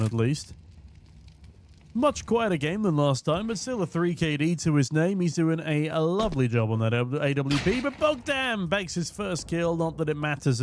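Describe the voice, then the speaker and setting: Hoarse man calling an esports match. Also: fairly high pitch, a little hiss or hum. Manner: quick, jokey, punning play-by-play. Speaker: esports caster. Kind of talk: play-by-play esports commentary. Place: casting booth at a live event.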